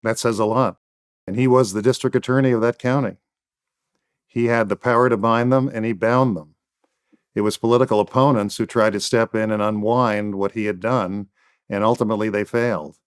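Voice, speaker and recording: A man's voice: lowish voice, fairly even intonation, brisk, clear, resonant tone. A man speaking as a guest defense attorney in an interview, making firm points in emphatic, repeated phrases. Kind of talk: interview answers.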